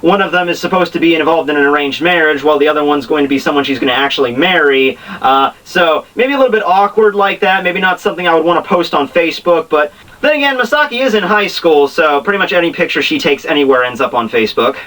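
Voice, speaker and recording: A young man rambling excitably as he reviews a manga chapter, full of restarts and asides. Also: on the high side, fast, recorded from a distance, poor audio. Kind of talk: casual chapter review vlog.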